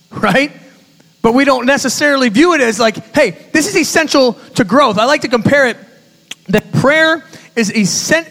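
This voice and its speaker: A man with a high voice delivers a sermon as a youth pastor, telling stories with lively, conversational asides to the room. His voice rings out in a long-reverb church hall. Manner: animated storytelling, conversational asides to audience.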